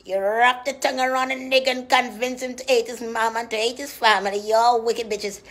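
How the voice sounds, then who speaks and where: A woman doing a profane comic rant in a preacher's manner, dropping to hushed whispers and rising to loud shouts. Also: a little high, steady tone, fairly quick. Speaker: comedian.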